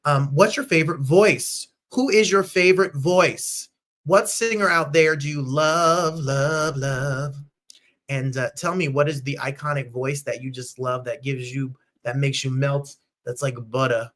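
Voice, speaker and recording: A New Jersey man in his thirties hosts a lively live-stream chat show, speaking a little slowly. He's gushing and bubbly, now and then breaking into falsetto squeals and snatches of song.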